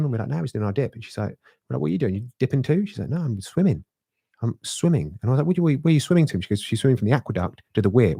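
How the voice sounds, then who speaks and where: A middle-aged man, co-hosting a podcast and telling an animated story with laughs and swearing. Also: fairly low pitch, vocal fry, breathy edge, no room sound, clean studio sound. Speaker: podcast co-host. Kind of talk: casual chat, storytelling.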